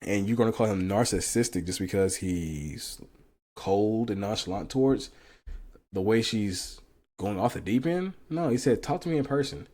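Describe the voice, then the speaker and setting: A low-pitched man riffs through a casual reaction commentary, blunt and profane. He swears freely and breaks into laughter often as he makes his point. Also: lively intonation, a little slow, warm tone. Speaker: commentary channel host.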